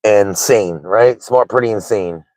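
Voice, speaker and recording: A man's voice: on the low side, unhurried, a little mellow, dry recording, rough recording. A man in his thirties hosting a casual livestream chat, candid and rambling, with lots of "like" and "right?". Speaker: livestream host.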